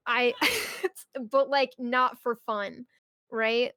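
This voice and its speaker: A woman's voice: fairly high pitch, steady tone, very slow, bright, forceful tone, no echo, clean studio sound. A young woman streamer chatting casually and ranting about her job, swearing often and breaking into mock outbursts. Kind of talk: casual chat.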